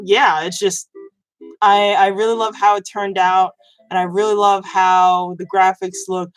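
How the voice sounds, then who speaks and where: A woman talks casually through gaming news in a middle-pitched voice. She rambles, restarts sentences and fills pauses with ums and likes. The sound is close and dry, with no room echo. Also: fairly bright tone. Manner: rambling, many fillers and restarts. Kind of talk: casual chat.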